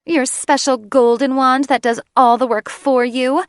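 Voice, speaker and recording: A woman's voice: fairly even intonation, a little slow, no room sound, studio quality. A woman voicing a haughty, spiteful female griffin shifter who sneers and shrieks her lines. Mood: sneering. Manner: sneering, shrill and venomous.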